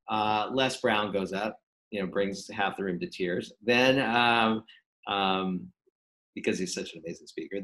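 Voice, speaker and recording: A man, a podcast guest, telling a story in a casual interview and acting out the quoted dialogue with lively energy. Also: lowish voice, rough recording.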